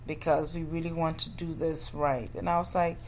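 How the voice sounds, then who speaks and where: A woman who runs a childcare business, casually telling a story in an animated way and acting out the people she quotes. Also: moderate pace. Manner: animated, acts out quoted people with jumps in pitch.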